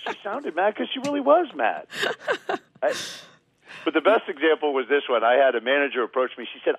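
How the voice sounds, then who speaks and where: A man's voice: mid-range voice, fast talker, breathy edge, no room sound. A man, a guest communication trainer, explaining on a radio show and acting out quoted people in his stories. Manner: animated storyteller, acts out quoted people. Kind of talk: radio interview, explaining with anecdotes. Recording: tinny phone line, dry.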